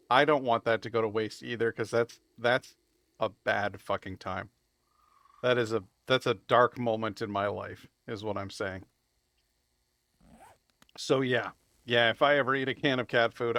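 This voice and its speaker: Casual swearing male game streamer. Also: medium pitch. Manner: casual, rambling, swears freely; laughs loudly at chat. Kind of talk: live gameplay commentary.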